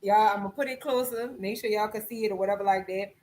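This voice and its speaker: A woman's voice: medium pitch, steady tone, quick pace, darkish tone, low-quality recording. A woman from Louisiana, hosting a live stream and chatting loosely to viewers about a book she likes, swearing freely. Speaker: podcast host. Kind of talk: casual live-stream chat, book recommendation.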